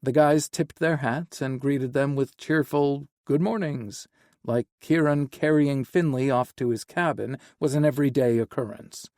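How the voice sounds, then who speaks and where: In scripted narration, a male audiobook narrator reads a novel evenly and without hurry, his warm, mellow voice pitched in an ordinary middle range. The recording is dry and close, with no room echo.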